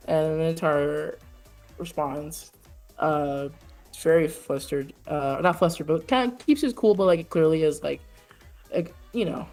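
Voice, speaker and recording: Slow, gravelly woman game master. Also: deep voice, a little mellow, faint music behind. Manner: slow, hesitant, many fillers. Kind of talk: narrating a tabletop game.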